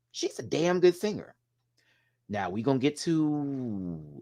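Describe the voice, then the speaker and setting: Excitable man gushing in a rambling review. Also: medium pitch, slow. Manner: animated, swears, drag slang, gushes emotionally; rambling with restarts and asides to viewers. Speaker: TV show reviewer. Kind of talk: casual solo review rant.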